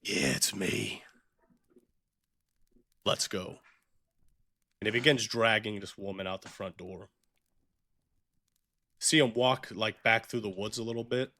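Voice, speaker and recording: A man's voice: lowish voice, steady tone, normal speed, pauses often, bright, forceful tone, no echo. A young man running a tabletop game as game master, narrating scenes in a casual, vivid, profane way.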